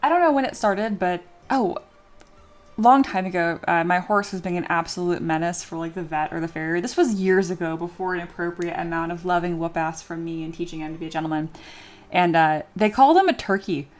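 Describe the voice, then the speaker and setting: A woman's voice: on the low side, fairly quick. A woman hosting a sculpting livestream, chatting casually and reading viewer comments aloud with self-deprecating humor. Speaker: livestream host sculpting 3D models. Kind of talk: casual livestream chat while working. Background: soft background music.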